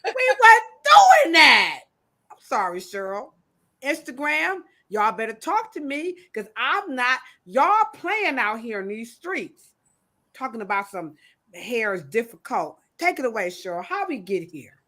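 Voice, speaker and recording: Podcast hostess, bright clear voice, animated and emphatic, riffs and jokes with the chat. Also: female voice, on the high side, measured pace. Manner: animated, emphatic, joking rants. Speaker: podcast host. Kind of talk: casual chat.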